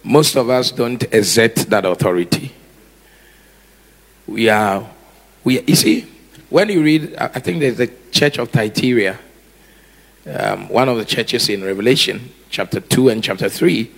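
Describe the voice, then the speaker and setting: A man preaching a sermon, animated, acting out scenes with shouts and laughter. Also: mid-range voice, vocal fry. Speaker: pastor.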